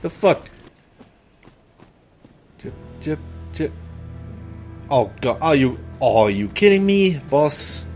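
Man, let's play host, sarcastic commentary, slightly high voice, slow delivery. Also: big pitch swings, a little mellow, soft background music. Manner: sarcastic, jokey, exclaiming and laughing. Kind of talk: gameplay commentary.

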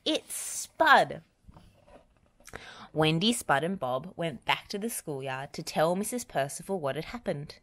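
A woman narrating a children's storybook aloud in a gentle, even storytelling manner. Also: deep voice, moderate pace, hardly any pauses, dry recording. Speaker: children's book reader.

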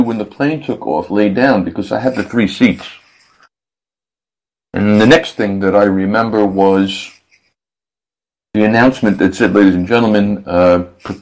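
Low-voiced chuckling male radio host. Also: rough recording. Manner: rambling, self-amused, chuckling, with restarts. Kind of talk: casual storytelling monologue.

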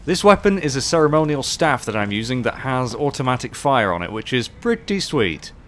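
A man doing casual live commentary while playing, excitable, swearing often and chatting with his viewers. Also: medium pitch, a little fast, a little hiss or hum. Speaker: game streamer.

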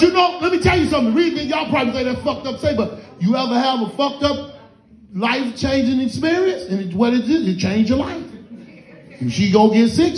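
High-voiced loud profane comedian. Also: male voice. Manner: loud, profane, animated storytelling. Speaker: stand-up comedian. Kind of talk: stand-up comedy set. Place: comedy club lounge. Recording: roomy club echo.

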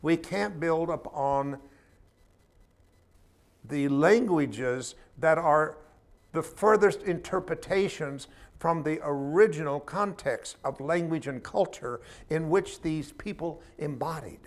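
A man's voice: on the high side, takes it slowly. A man teaching a spiritual class in an informal sermon style, talking in a conversational, emphatic way with humorous asides.

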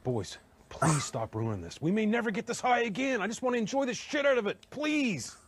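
A high, bouncy, crude cartoon dimwit. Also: male voice, very animated, brisk. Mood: giddy. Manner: crude, blustery. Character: dim-witted, crude man, excitable and foul-mouthed. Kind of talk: animated series dialogue.

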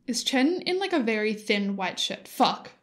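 Young female reaction host, excitable and sweary, slightly high voice. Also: normal speed. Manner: excitable, giggly, swears often. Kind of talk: casual reaction commentary. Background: music playing.

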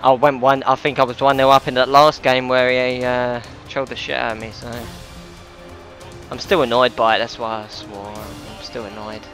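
A man's voice: medium pitch, flat delivery, normal speed, soft background music. Man commentating a football game. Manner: frustrated, swears often, shouts at players. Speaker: gaming commentator. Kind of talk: live gameplay commentary.

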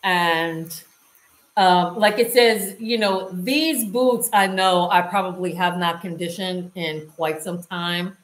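A woman with a lowish voice talks her viewers through a hands-on demonstration at an unhurried pace, checking in with them as she goes. The sound bounces around a roomy, echoey space. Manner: chatty, talks to viewers while working. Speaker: lifestyle vlogger. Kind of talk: casual how-to demonstration. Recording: roomy echo.

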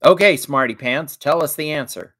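A man's voice: fairly high pitch, moderate pace, no echo, clean studio sound, voice pushed up. A man voicing Jack, a restless adult who jokes around. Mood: jokey. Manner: jokey, loud.

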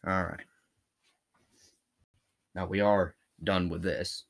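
A man's voice: low voice, flat delivery, takes it slowly. A man with a Scottish accent chatting informally while he shows a hands-on task, thinking aloud as he works. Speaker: how-to video host. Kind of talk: casual hands-on tutorial.

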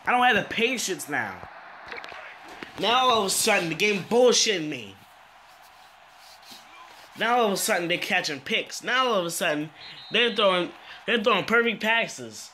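A young man giving frustrated gameplay commentary, swinging between low muttering and exasperated, swearing outbursts. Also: big pitch swings, moderate pace, long pauses, sharp tone, a little hiss or hum. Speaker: gaming commentator.

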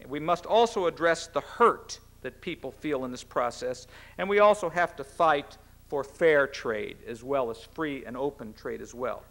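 A middle-aged American man, a cabinet secretary, giving a formal public speech in an earnest, measured way with a few restarts. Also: mid-range voice, lively intonation, a bit bright. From United States.

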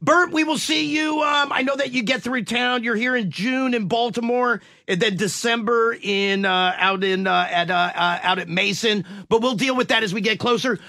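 A radio host man who talks with enthusiasm and heaps praise on his guest. His voice is high and bright, recorded close and dry in the studio. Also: moderate pace, hardly any pauses, no room sound. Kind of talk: casual radio interview.

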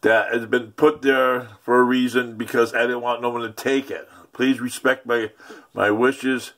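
A man voicing the ghost of a dead landlord who speaks in a calm, earnest, pleading way. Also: mid-range voice, measured pace, lightly acted.

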